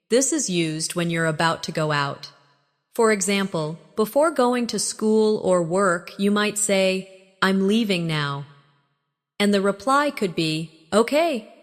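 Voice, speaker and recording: A woman teaching everyday English phrases in a scripted lesson, giving slow, clear prompts for the listener to repeat. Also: mid-range voice, a bit bright, long reverb tail.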